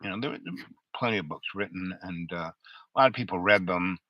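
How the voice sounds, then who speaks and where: A man's voice: low voice, dry recording, dull audio. Older guy hosting his own show, rambles and stops a lot, voice kinda off from an old throat injury, dry close mic. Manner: halting, many fillers and restarts, stutters under strain. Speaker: show host. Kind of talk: rambling monologue.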